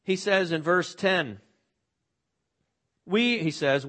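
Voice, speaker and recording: A man's voice: a little high, sing-song, slow pace, pauses often, a bit bright. A man preaching a sermon in a conversational way, reading scripture aloud with drama and often repeating words as he restarts. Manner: frequent word repeats and restarts. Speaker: pastor.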